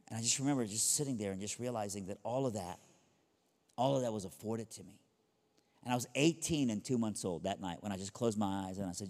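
Man, pastor type, lowish voice, earnest testimony, booming hall reverb. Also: normal speed, a little mellow. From Iran. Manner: earnest, conversational storytelling with rhythmic contrasts. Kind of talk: personal testimony talk.

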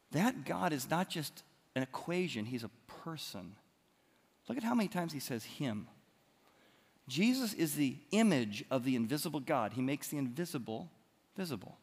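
A man preaching a sermon, animated, moving from loud emphatic lines to quiet ones. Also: on the high side. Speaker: pastor. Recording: long hall reverb.

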